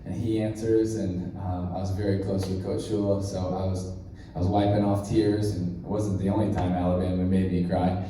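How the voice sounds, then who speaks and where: A man in his thirties tells a story from a stage, acting out each side of the dialogue. His voice sits at an ordinary pitch and rings through a large, echoey hall. He is picked up from some distance, with noticeable room noise behind him. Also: normal speed, hardly any pauses. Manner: animated storyteller who acts out dialogue. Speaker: keynote speaker. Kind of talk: motivational storytelling speech.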